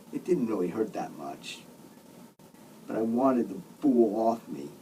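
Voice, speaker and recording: A man's voice: on the low side, very animated, unhurried, long pauses, mellow, husky, distant mic, poor audio. A man, the author, reading his own comic novel aloud in a sardonic, grumbling manner with mock outbursts.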